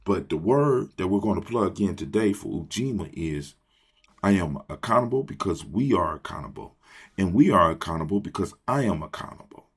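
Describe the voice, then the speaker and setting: Deep gravelly man with lively delivery. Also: normal speed. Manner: call-and-response, repeats phrases. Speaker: host. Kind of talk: motivational morning talk.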